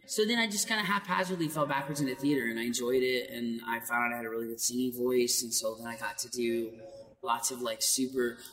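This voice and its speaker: A man's voice: medium pitch, far from the mic. A man, a voice actor, telling stories in an interview with lots of laughter. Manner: animated, laughs often. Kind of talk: casual interview storytelling. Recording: echoey hall with faint noise.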